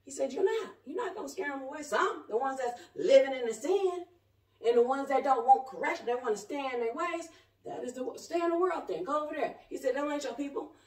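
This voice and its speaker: Her voice high and lively in intonation, a woman in her 40s who calls herself a prophet delivers impassioned, off-the-cuff preaching a little fast. The camera sits at a distance in an echoey room of her home, catching her fervent, rambling, colloquial talk as it shifts from shouting to soft asides.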